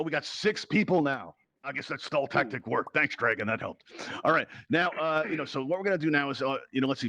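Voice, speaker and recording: A man hosting a game show, talking fast in a chatty, joking patter full of asides and fillers. His voice sits at a middle pitch. The sound is close and dry, as if through a headset mic. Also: creaky, pushed and bright, no room sound. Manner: chatty, rambling, jokey, lots of fillers and asides. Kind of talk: playful game show patter in virtual reality.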